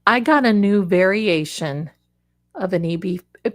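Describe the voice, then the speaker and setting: A woman's voice: medium pitch, lively intonation, measured pace. Chatty woman psychic hosting a livestream. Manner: chatty, rambling, calls viewers "my darlings". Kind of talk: casual live-stream chat.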